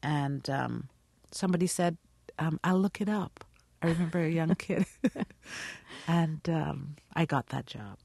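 A woman's voice: low-pitched, a little slow, creaky, slightly rough, dry recording, clean studio sound. A woman, an actress, telling stories in an interview and acting out the people she quotes. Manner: animated storyteller, acts out quotes. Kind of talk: radio interview.

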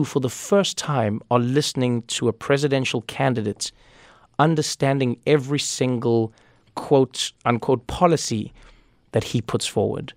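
Gravelly man, interview guest. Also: medium pitch, moderate pace, dry recording, studio quality. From South Africa. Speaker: guest author. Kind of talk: conversational interview.

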